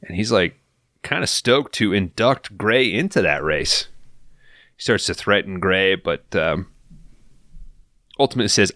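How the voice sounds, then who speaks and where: A man on a podcast recapping a film in casual, profane, animated storytelling, acting out the characters' lines as he goes. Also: deep voice, measured pace, pauses often, dry recording, studio quality.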